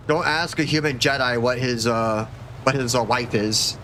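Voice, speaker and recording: A man giving casual gameplay commentary as a streamer, excitable and joking, swearing often. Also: medium pitch, moderate pace, slight background noise. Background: game music.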